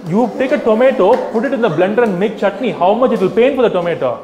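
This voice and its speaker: Man, higher voice, lively mocking talk to a crowd, echoey hall, faint room noise. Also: fast, muffled recording. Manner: animated, mocking, acts out scenes with quoted voices. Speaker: vegan activist speaking to an audience. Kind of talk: live public talk to a crowd.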